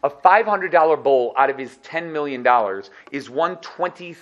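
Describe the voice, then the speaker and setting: A man teaching a Talmud class, lively and animated, repeating key phrases and asking rhetorical questions. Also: on the high side, moderate pace. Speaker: Torah teacher. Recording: dull lo-fi recording.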